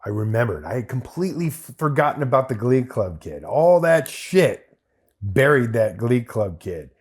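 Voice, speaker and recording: A military veteran guest on a podcast, telling a long anecdote in casual, profanity-heavy speech full of restarts. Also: male voice, mid-range voice, big pitch swings, normal speed, husky. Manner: profane, rambling anecdotal storyteller. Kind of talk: casual storytelling.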